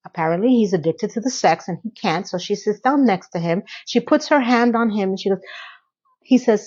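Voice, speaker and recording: A woman's voice: on the high side, expressive, moderate pace, a little mellow, highs cut off. Chatty sassy woman recapping a show. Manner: chatty, sassy, talks straight to the viewer. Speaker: recap vlogger. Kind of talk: casual TV recap commentary.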